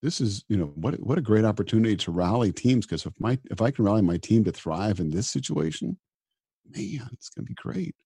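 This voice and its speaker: A man's voice: on the low side, expressive, brisk, gravelly, warm tone, husky, dry recording, studio quality. A middle-aged man, a disaster physician, talking earnestly in an interview and often repeating words as he starts a sentence. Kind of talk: reflective interview talk.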